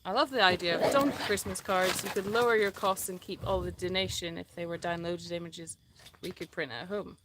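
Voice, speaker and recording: A woman's voice: fairly low pitch, steady tone, fairly quick, fairly bright tone, slight background noise. A Scottish woman hosting a casual live stream outdoors at an animal sanctuary, giggling and reading viewer comments aloud. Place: outdoors in a dusty animal yard.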